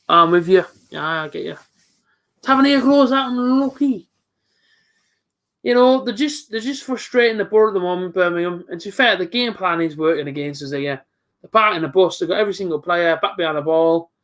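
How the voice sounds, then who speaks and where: Chatty high-voiced northern fan. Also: male voice, fairly bright tone. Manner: chatty, frustrated, talks back to off-mic friend. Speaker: football fan streamer. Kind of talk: live match reaction commentary.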